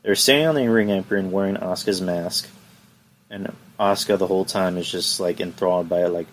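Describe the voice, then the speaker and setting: A man's voice: low voice, brisk, a little hiss or hum. A man hosting a solo wrestling review podcast from home, ranting in exasperation and firing off rhetorical questions. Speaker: podcast host.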